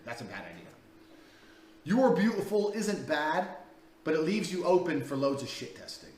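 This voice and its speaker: A man's voice: mid-range voice, fairly bright tone. A young man lecturing in a blunt, crude, profane way as a dating coach. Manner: blunt, crude, rapid-fire swearing. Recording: roomy, distant mic with faint noise.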